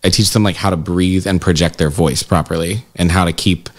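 Man, very deep voice, haunted house manager, casual interview chat, animated storyteller. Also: brisk. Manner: animated storyteller, acts out quotes with jumps in pitch.

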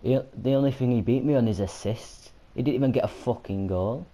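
A man's voice: medium pitch, a little fast, warm tone. A man with a Yorkshire accent, commentating while he plays a video game and swearing through frequent angry outbursts. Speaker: gamer. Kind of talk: gaming commentary.

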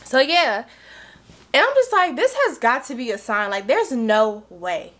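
A young woman chatting excitedly to her vlog viewers, a little tipsy and talkative. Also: fairly high pitch, unhurried, slight background noise. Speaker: vlogger. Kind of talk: casual chat to camera.

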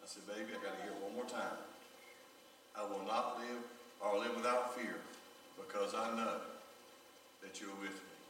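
A pastor preaching a sermon, telling a personal story with emotion, his voice often dropping low and soft. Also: fairly even intonation, normal speed, pauses often, a little hiss or hum. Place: large church sanctuary. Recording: echoey church hall recorded from far off.

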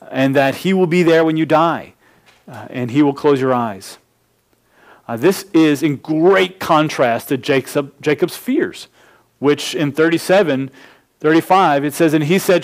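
Pastor, male, somewhat high voice, expository sermon, numbered points, restarts.

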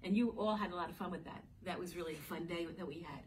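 With a voice on the low side and a quick pace, a woman teacher reads a picture book aloud to little ones in a playful, sing-song style, often addressing them. A distant mic captures faint background ambience plus a little hiss or hum.

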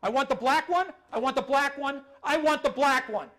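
A man's voice: very high-pitched, normal speed, fairly bright tone, pitched above the performer's own voice. A man voicing a confused elderly man with dementia who repeats the same demand over and over. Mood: insistent.

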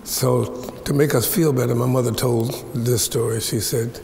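In an echoey hall with long reverb, an American preacher in his seventies lectures at a seminary, telling folksy stories with playful asides and stretching words for effect. His medium-pitched voice is fairly even, a little mellow with vocal fry, moving at a moderate pace with hardly any pauses.

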